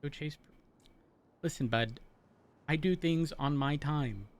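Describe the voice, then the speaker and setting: A man streams while gaming and chats casually with viewers, rambling through explanations and interrupting himself with many restarts. His voice is slightly high and slow. He grew up in a rural area and later lived in a city.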